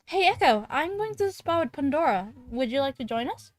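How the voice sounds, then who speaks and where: A woman reading aloud the lines of a friendly young female classmate in a visual novel, in a bright upbeat manner. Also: high-pitched, very animated, brisk, slight background noise, pitched above the performer's own voice.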